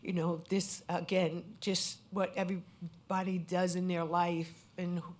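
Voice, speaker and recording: Woman from connecticut telling her story on a panel, earnest, lots of "you know", kinda low voice. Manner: earnest, candid, with many "you know" fillers. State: at times emotional. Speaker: scam victim speaking on a panel. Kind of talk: personal testimony at a panel event.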